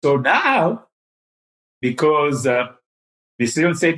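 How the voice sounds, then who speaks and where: An older man, from Tanzania, telling an animated story as an interview guest. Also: medium pitch, unhurried, poor audio. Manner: animated, acts out the voices in his story.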